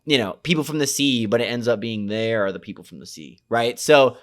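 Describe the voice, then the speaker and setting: A man's voice: medium pitch, a little fast. A young man giving a casual, slang-heavy and profane movie recap, rambling with lots of fillers. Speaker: movie reviewer.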